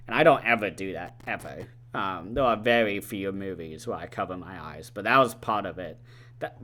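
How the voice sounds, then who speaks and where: A man giving a casual, rambling spoiler recap of a film, full of "like" and "uh" as he retells scenes. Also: on the low side. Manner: rambling, animated retelling with many "like" and "uh" fillers. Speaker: movie reviewer.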